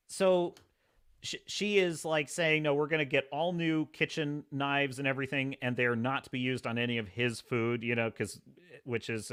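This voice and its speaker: A man hosting a live review, casually retelling episodes and acting out the characters' lines. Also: medium pitch. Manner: animated storytelling, acts out characters' lines. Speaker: host.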